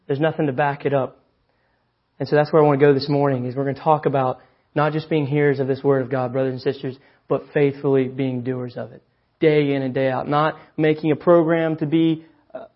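A young man preaching a sermon, earnest and emphatic, building to loud stressed phrases. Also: medium pitch, dull audio.

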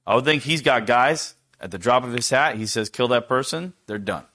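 A middle-aged man preaching a sermon, asking the congregation rhetorical questions and dropping to a near hush for tender quoted lines. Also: medium pitch, lively intonation, fairly quick.

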